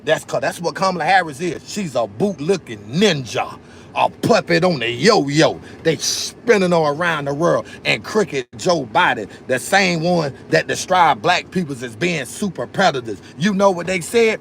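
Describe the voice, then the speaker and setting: A man's voice: fairly high pitch, lively intonation, normal speed, gravelly, fairly bright tone, a little hiss or hum. Fiery, preachy man on a livestream. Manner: fiery, preachy, repeats phrases, calls out to viewers. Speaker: livestream host. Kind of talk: political livestream rant.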